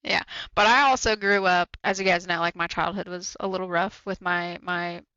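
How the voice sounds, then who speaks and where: A man's voice: sits high, fairly even intonation, moderate pace, bright, forceful tone, clean tone, no room sound, highs cut off. A man co-hosting a podcast, talking candidly and bluntly, swearing freely and repeating himself for emphasis. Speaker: podcast co-host. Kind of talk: candid casual chat.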